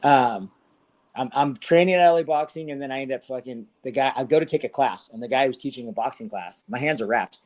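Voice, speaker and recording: Male guest, 40s, from Southern California, casual slangy storyteller, mid pitch. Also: a little fast. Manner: laid-back slangy storyteller, laughs often, acts out quotes. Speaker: guest fighter.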